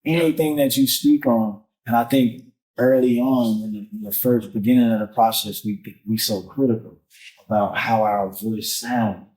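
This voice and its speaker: A man appearing as a musician guest on a podcast, talking casually in animated street slang and swearing often. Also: mid-range voice, moderate pace, low-quality recording. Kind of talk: casual conversation.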